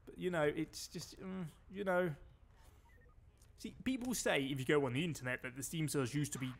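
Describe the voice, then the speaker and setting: A man's voice: fairly high pitch, moderate pace. A British man giving chatty live gameplay commentary as a streamer, full of dry, wry asides. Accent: British English.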